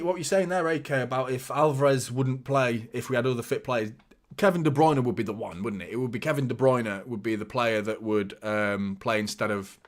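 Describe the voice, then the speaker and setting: A man hosting a live football watchalong, giving fan commentary and chatting to viewers, excitable and prone to swearing. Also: mid-range voice. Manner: chatty, addresses viewers as mate. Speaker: watchalong host. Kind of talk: live match commentary and chat.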